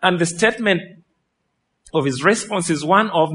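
Male pastor, fairly high voice, animated preaching, voice going hoarse. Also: normal speed. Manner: lively, asks the crowd questions, laughs. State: losing his voice. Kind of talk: sermon.

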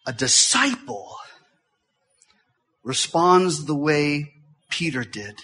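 A middle-aged visiting pastor preaches a sermon in church, talking fast and swinging between loud bursts and hushed, quiet stretches. His medium-pitched voice is husky and expressive.

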